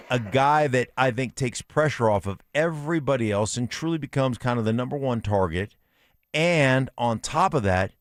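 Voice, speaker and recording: A man's voice: medium pitch, dry recording, studio quality. A man co-hosting a sports radio show, rambling and playful as he thinks aloud in restarts. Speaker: co-host. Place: radio studio.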